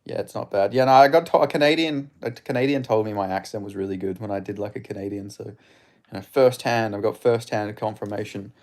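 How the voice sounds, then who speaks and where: A man's voice: fairly low pitch, fairly quick, a little mellow. A man with an Australian accent, from Perth, casually commentating a live fight stream, laid-back and swearing freely as he chats with viewers. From Perth, Western Australia. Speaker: streamer hosting a live fight watch-along.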